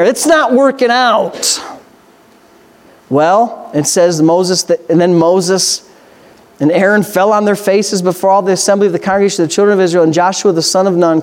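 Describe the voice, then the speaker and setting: A male pastor preaching a sermon, reading Scripture and posing emphatic rhetorical questions. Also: sits high.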